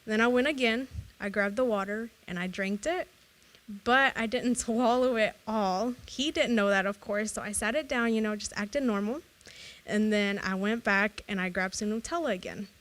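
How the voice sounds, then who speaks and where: A woman's voice: mid-range voice, moderate pace. A young woman co-hosting a podcast, chatting casually and telling stories animatedly with frequent laughter. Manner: animated storyteller, laughs often. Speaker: podcast co-host. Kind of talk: casual chat.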